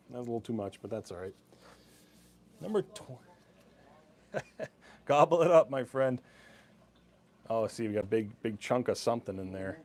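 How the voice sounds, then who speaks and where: A man's voice: fairly low pitch, warm tone, slight background noise. A young man hosting a live-stream sale, chatting casually with easy laughs and rambling asides.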